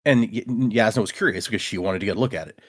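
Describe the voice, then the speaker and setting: A man's voice: on the low side, fast, breathy edge. A man co-hosting a podcast in a casual book chat, acting out the characters' lines. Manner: animated, acts out characters' lines. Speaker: podcast co-host.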